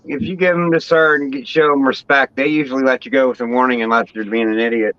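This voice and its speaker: A man's voice: mid-range voice, steady tone, quick pace, fairly bright tone, smooth, dry recording. A man from Pennsylvania chatting casually as a guest, polite and hesitant, often stumbling as he starts a sentence. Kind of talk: casual chat. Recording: dry and dull lo-fi sound.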